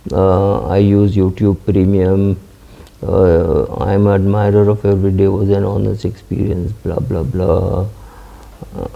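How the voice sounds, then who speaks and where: A middle-aged man hosts a finance channel and answers viewer questions in a casual, halting way, stopping often to fill the gaps. His low voice is dark and heavily gravelly and stays flat in pitch. The recording sounds dull and lo-fi. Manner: hesitant, many fillers and restarts. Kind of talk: casual talk reading and answering comments.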